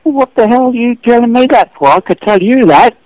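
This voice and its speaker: Shouting man on a phone line. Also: very high voice, animated, a little fast, dry recording. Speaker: prank call victim.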